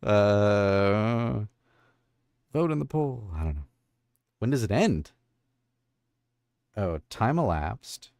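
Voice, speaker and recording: A man's voice: lowish voice, animated, slow pace, gravelly, pauses often, a little mellow, no echo, studio quality. A man hosting a casual livestream, rambling and thinking aloud as he fiddles with his stream tools. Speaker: livestream host and voice actor. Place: home studio.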